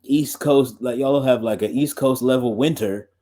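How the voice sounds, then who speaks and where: A man's voice: medium pitch, moderate pace, warm tone. A young man hosting a podcast and stream, chatting loosely with lots of fillers and laughs. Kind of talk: casual rambling chat.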